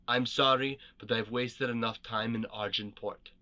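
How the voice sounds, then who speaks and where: A man voices a young queen in exile who is guarded and determined, pressing her case in a firm, urgent way. The voice is bright and forceful at a middle pitch. It is a read-aloud storybook. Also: steady tone, moderate pace. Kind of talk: storybook character reading.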